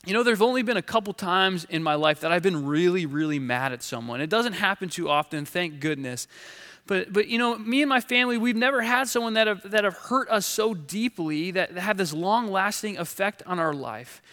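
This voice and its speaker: Bright-voiced preacher in a reverberant hall. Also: male voice, high-pitched, brisk. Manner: earnest storytelling with many restarts and acted quotes. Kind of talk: sermon. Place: large hall with stage.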